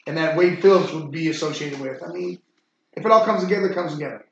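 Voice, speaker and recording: Talking fast in a slightly high, somewhat bright voice, a man rambles through casual sports talk on his podcast, cursing freely and filling gaps with fillers. The audio has a little hiss or hum, an echoey room, and a muffled quality.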